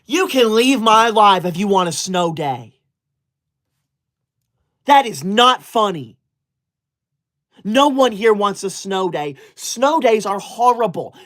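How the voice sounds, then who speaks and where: A man's voice: sits high, animated, slow pace, long pauses, a bit bright, full character voice. A man playing a touchy, rule-obsessed young male livestreamer in a comedic parody, talking in a prim, stiffly formal, scolding way.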